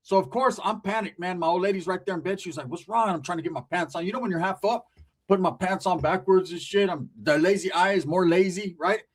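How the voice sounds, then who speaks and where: A male host talks in a high, lively voice. He tells a comic family story in a casual, slang-heavy, profane way. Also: fast talker. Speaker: comedic storyteller, channel host.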